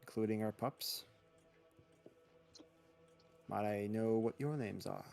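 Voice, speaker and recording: A man's voice: fairly low pitch, slow pace, creaky, darkish tone, faint music behind. A man voicing a composed male burgomaster who calls himself the town's baron, speaking formally and courteously. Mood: welcoming.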